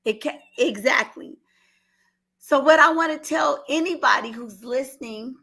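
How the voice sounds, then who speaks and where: A high-pitched woman's voice, creaky, husky, pushed and bright, speaks at a measured pace. She is middle-aged, from Oakland, California, with an Oakland accent, and on a call-in show she gives earnest emotional testimony, repeating herself while fighting back tears.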